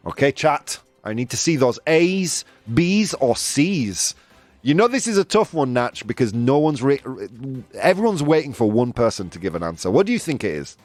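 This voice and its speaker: A man's voice: mid-range voice, big pitch swings, moderate pace, dry recording. A man hosting a live news quiz stream, chatting playfully with viewers and laughing often. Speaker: host.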